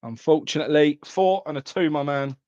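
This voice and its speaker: A man's voice: a little high, a little fast, darkish tone, no echo, dull audio. A man hosting a live trading card stream, chatting casually and calling viewers mate.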